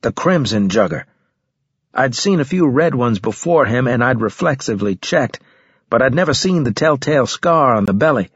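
A husky male voice tells a first-person story in a steady, measured delivery with a grim weight. The recording is dry and a touch muffled, with no room sound around him. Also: mid-range voice, no echo. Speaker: audiobook narrator. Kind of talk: first-person scripted narration.

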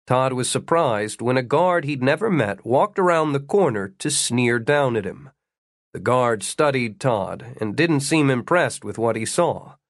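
Male audiobook narrator; wry, measured storytelling, middle pitch, dry studio recording. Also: lively intonation, dry recording. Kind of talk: scripted narration.

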